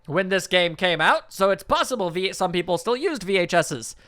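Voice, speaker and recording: A woman playing a game and joking through it in animated, comedic commentary. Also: lowish voice, normal speed, few pauses. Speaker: let's play host.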